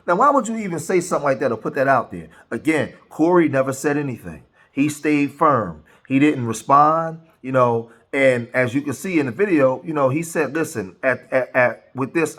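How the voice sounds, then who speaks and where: A man's voice: medium pitch, a bit bright. A man hosting commentary on a played clip, speaking in an earnest, moralizing way. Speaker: commentary channel host.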